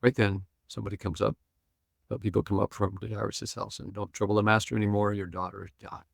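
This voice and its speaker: An older man with a low, gravelly voice retells scenes as a guest scholar and pastor. He slips into the characters' lines and chuckles as he talks. The sound is close and dry. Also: level tone, fast, no room sound. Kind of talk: animated storytelling on a podcast.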